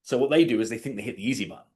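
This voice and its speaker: A man teaching an online coaching session, talking at an even middle pitch. He acts out little scripted exchanges as he goes, and his voice comes over a video-call microphone. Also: very fast. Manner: animated, acts out sample dialogues. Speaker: sales coach.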